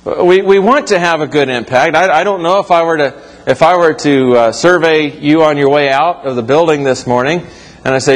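A man's voice: on the high side, moderate pace. A man preaching a sermon to his congregation in a church, talking it through conversationally and correcting himself as he goes. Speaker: pastor. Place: church sanctuary. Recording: reverberant hall.

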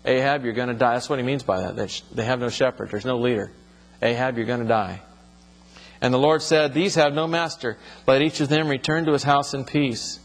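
A man's voice: medium pitch, big-room sound. A man teaching from the Bible, reading passages aloud and then explaining them in plain, conversational words.

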